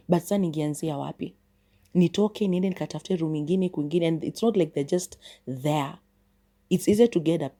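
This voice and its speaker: A woman's voice: low voice, dark tone. A Kenyan woman hosting a podcast, telling a personal story in a chatty, casual way, switching between English and Swahili. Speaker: podcast host.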